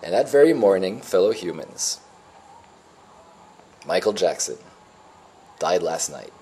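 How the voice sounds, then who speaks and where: A man's voice: sits low, sing-song, takes it slowly, mellow, slight background noise. A man in his forties telling a rambling, emotional personal story in a reflective, spiritual way. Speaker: vlogger.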